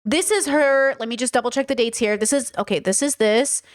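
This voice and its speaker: A woman's voice: a little high, fairly quick. A woman hosting a reaction commentary video, talking bluntly and emphatically, with frequent swearing.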